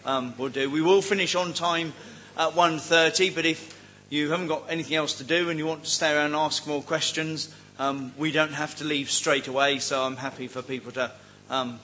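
A man's voice: fairly high pitch, bright, forceful tone, a little hiss or hum, low-quality recording. A man giving an informal teaching talk on cults, chatty and wry, with many ums and joking asides. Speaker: seminar speaker on cults.

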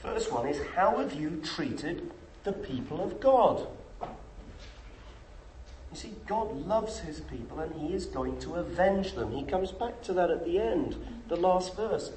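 A middle-aged man preaching a sermon, emphatic and full of rhetorical questions. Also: measured pace. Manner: emphatic, rhetorical questions, lively pitch swings. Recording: echoey room with faint noise.

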